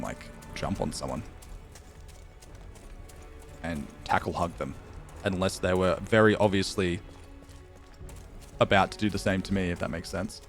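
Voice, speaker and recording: A man's voice: sits low, vocal fry. A man streaming live, chatting casually with his viewers, reading out their messages and telling a funny story with lots of laughs.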